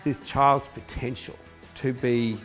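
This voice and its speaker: A man's voice: mid-range voice, flat delivery, takes it slowly, a bit bright, faint music behind. A man, a company founder, telling stories in an earnest, emotional interview. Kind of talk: reflective interview.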